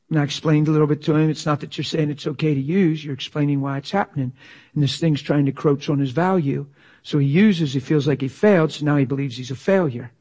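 A man preaching a sermon with passion, swinging from loud exclamations to near-whispers. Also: on the high side, brisk.

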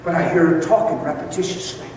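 A man preaching a sermon, telling a story with strong emotion, acting out voices and dropping from loud to hushed. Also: fairly high pitch, fast talker. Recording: echoey hall from far off, noisy.

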